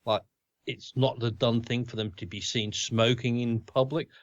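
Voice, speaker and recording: A man's voice: medium pitch, fairly even intonation, moderate pace, no echo. Australian man on a dull, dry line. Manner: chatty storyteller, laughs into his anecdotes. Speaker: podcast co-host. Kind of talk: casual chat.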